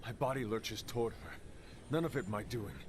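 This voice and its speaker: An actor playing a grave young hero, recounting events in a measured, solemn way. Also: male voice, mid-range voice, a little hiss or hum, natural voice.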